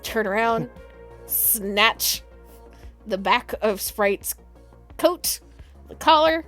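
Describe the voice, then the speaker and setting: Female tabletop player, slow and blunt, light music underneath. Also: a little high, animated, a bit bright. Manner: unhurried, laughing, blunt. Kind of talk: tabletop role-play, describing her character.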